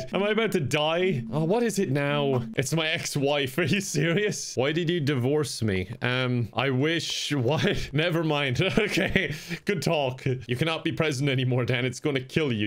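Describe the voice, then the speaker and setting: Laughing man narrating gameplay. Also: on the high side. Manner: jokey, laughs often, mutters reactions. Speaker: gaming video creator. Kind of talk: comedic gameplay commentary.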